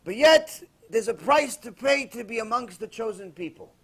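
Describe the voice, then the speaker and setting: A man's voice: very high-pitched, normal speed, husky. A man preaching as a rabbi, telling a story in a sermon and acting out the people in it. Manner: animated, acts out the quoted characters in his story.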